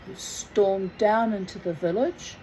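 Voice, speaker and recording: A woman's voice: mid-range voice, slow pace, heavy background noise. A woman reading a book aloud, with chatty, self-mocking asides. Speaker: reader.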